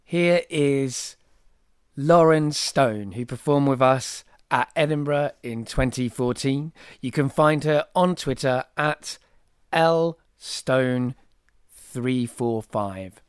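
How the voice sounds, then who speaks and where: A man's voice: medium pitch, slow, clear, resonant tone, dry recording. Male compère, dry close voice, scripted plugs between acts. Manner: scripted, promotional introductions. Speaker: comedy night host. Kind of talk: stage announcement. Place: comedy club stage.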